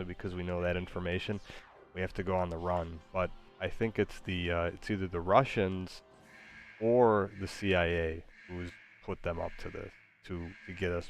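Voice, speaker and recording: A man hosting a stream in casual chat, goofy and playful, often hesitating with uhs. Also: deep voice. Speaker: streamer host.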